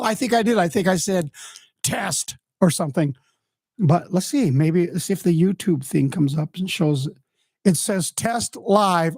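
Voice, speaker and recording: A man's voice: high voice, darkish tone, no echo. Chatty guy streaming live from his home studio, rambly and self-mocking, dry close sound. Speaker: host of a music podcast and live stream. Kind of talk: casual unscripted live stream. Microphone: headphones on, desk mic.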